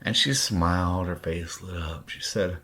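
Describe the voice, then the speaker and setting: A man in his late forties from Kentucky speaks in a very deep, low voice. He tells his story bluntly, with raw, heavy profanity. It is a personal podcast monologue with a drinking edge. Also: a little slow, pushed and bright. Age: late 40s. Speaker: podcast host.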